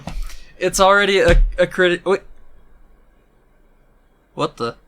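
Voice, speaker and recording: A man playing a tabletop game, reacting excitably to the dice. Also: high-pitched, measured pace, soft background music. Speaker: player. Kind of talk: casual tabletop play.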